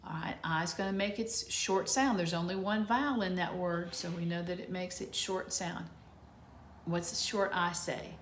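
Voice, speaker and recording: A woman teaching young children over video, sounding out letters and words slowly and patiently. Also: lowish voice. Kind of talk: remote phonics lesson for young children. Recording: echoey room.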